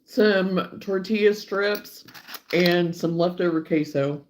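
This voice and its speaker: A woman's voice: fairly low pitch, takes it slowly, a little hiss or hum. A woman with an Arkansas accent hosting a casual livestream, chatting and laughing as she answers viewers by name. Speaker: livestream host.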